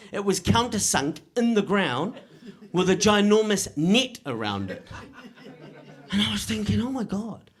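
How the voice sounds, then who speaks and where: Performing stand-up, a middle-aged man lands each joke with deadpan, punchy timing in a voice that sits fairly high. Frequent "right?" checks go out to the audience.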